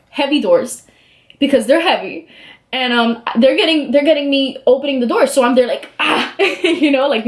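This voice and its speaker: Young woman, higher-pitched voice, casual beauty vlog, chatty, lots of "like", animated quoting. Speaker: beauty vlogger. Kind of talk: casual storytelling while doing makeup.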